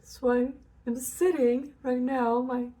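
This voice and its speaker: A woman's voice: high-pitched, flat delivery, slow pace, warm tone. A woman talking casually and candidly about spiritual energies, swearing freely and acting out inner conversations. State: tearful at moments. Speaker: spiritual channel host.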